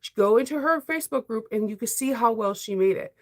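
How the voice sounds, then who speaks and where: A chatty middle-aged woman who hosts a sewing livestream. Her voice sits a little high, and she talks in a loose, casual way from her home sewing room. She laughs easily and gets emotional. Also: quick pace. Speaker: sewing vlogger.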